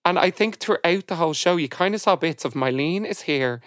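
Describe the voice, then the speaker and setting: A man, a podcast guest, telling stories in an animated, chatty way. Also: on the high side, fairly quick, dry recording, studio quality. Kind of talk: casual chat.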